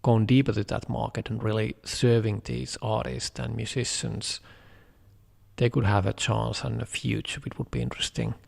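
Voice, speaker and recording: A man musing in a casual chat about social audio apps, measured and thoughtful with frequent fillers. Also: mid-range voice, level tone, vocal fry, darkish tone, long reverb tail.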